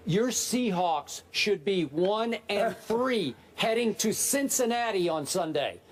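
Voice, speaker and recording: A man's voice: high voice, animated, takes it slowly. A man co-hosting a sports debate show who argues in a pointed, combative way with elaborate wording.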